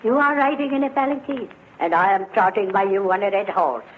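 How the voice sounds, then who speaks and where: A woman giving a dramatic, animated recitation of a narrative poem. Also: medium pitch, fast. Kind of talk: expressive poetry recitation. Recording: tinny phone-like recording with faint hiss.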